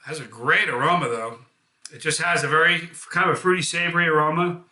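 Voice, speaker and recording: A man's voice: on the high side, brisk, sharp tone, roomy sound. A man from the United States hosting a casual live hot sauce review, chatty and enthusiastic, with self-deprecating jokes.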